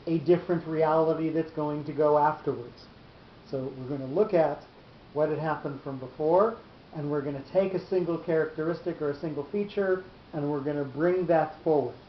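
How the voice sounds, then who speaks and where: A Torah teacher leads a Bible class on cantillation marks, haltingly explaining each reading mark and frequently repeating his words. The recording is roomy, dull and lo-fi, with a faint rumble.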